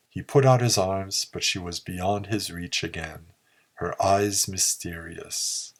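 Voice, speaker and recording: A man narrating a pulp story in a slow, measured reading. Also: low voice, fairly even intonation. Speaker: audiobook narrator.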